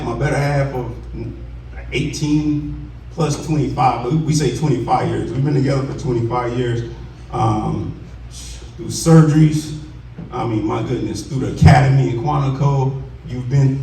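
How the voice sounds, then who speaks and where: A man in his forties from Texas giving a heartfelt, halting acceptance speech at a ceremony, choked up with emotion and often restarting his sentences. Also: medium pitch, creaky, mellow. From Commerce, Texas. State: emotional, voice choking up. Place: school cafeteria at a ceremony. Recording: roomy, distant, faint background hiss.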